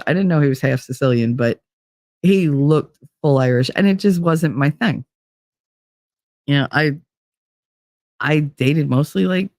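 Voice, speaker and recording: A podcast host with a low, slightly mellow voice chats her way through a long story about herself, heavy on "like." The recording is dry and studio-clean.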